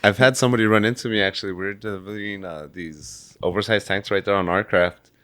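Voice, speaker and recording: A laid-back man with an El Paso Texan accent recounts a crash from behind the wheel of his semi. His voice sits a little low, and his relaxed talk is peppered with bro. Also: a little fast. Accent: El Paso Texan English. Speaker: truck driver guest. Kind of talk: casual storytelling chat.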